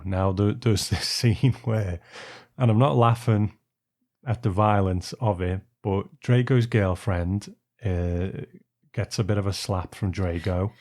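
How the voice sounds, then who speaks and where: Low-voiced English man, easygoing. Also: a little mellow. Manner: easygoing, storytelling, chuckles. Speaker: podcast co-host. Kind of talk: casual podcast chat.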